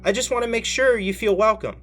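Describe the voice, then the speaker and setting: A man's voice: high-pitched, fairly quick, fairly bright tone, faint music behind, pitched above the performer's own voice. An upbeat schoolgirl club president, as a man reads her. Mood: reassuring. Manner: plain reading, stumbles and self-corrects. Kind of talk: reading visual novel dialogue aloud.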